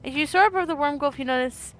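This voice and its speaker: A woman's voice: sits high, quick pace, a bit bright, faint music behind. A young woman streaming a story game, chatting casually and giggling between readings. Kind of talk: casual let's-play commentary.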